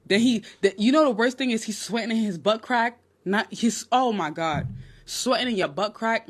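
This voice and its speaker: A young woman in her twenties with a New York accent, hosting a blunt, animated dating-advice livestream on her phone. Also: medium pitch. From Nigerian, raised in New York. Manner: blunt, animated, crude humor. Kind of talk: casual livestream chat.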